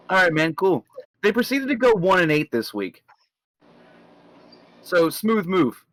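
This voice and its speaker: A man's voice: high-pitched, big pitch swings, measured pace, pauses often, a bit bright, dry recording, poor audio. A man co-hosting a podcast, ranting with sarcasm in casual chat.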